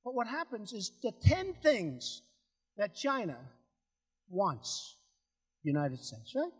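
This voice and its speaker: An older man delivers a rambling, boastful rally speech, circling back to the same points and acting out conversations. His voice is a bit husky and swings widely in pitch. The sound carries a long reverb from a large hall. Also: huge pitch swings, slow. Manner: boastful, rambling, repetitive, acts out phone calls. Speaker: political speaker. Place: large hall before an audience.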